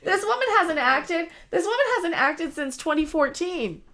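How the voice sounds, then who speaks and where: A woman's voice: extremely high pitch, expressive, normal speed, fairly bright tone. A young woman hosting a casual livestream, rambling and chatty, often trailing off and restarting. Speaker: livestream host.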